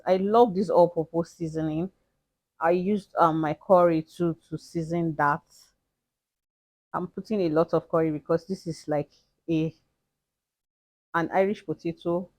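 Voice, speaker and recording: A woman talking through a cooking tutorial in a relaxed, chatty way, often repeating herself. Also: on the low side, dry recording. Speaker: cooking channel host. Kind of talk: casual cooking tutorial voice-over.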